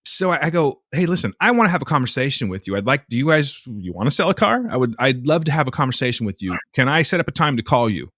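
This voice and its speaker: In a mid-range voice, a podcast co-host talks fast with few pauses, telling an exasperated, animated story casually and with heavy swearing. Clean studio sound, no echo.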